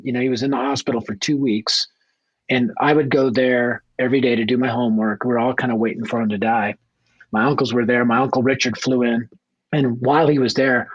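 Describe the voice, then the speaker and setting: A man's voice: mid-range voice, slightly rough, no room sound, lo-fi sound. A man from Denver, a guest evangelist, telling his life story in a radio interview with blunt, earnest directness, acting out family dialogue. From Denver, Colorado.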